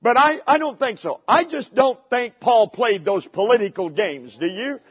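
A man's voice: extremely high pitch, expressive, moderate pace, husky. A man, talking to his congregation and throwing rhetorical questions at them. The recording sounds dull and lo-fi. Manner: conversational preaching with rhetorical questions. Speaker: pastor. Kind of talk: sermon.

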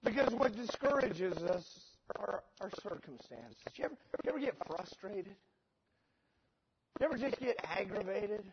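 A high-voiced middle-aged preacher tells a story from the pulpit, swinging between deadpan sarcasm and loud, heartfelt peaks. The recording is dull and lo-fi, with steady noise underneath. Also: male voice, normal speed. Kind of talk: storytelling sermon.

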